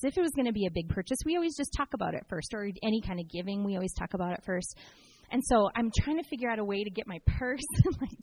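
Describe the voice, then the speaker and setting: A middle-aged woman telling an emotional personal faith story in a sermon-like way, acting out the voices in her story. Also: mid-range voice. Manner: emotional, animated storytelling with quoted dialogue. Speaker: speaker sharing a testimony. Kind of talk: sermon-style personal testimony.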